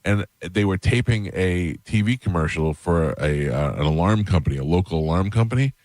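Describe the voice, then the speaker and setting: Deep-voiced man telling a story. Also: normal speed, no room sound. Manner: animated, acts out quoted voices. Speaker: radio host. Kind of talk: casual storytelling. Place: radio studio.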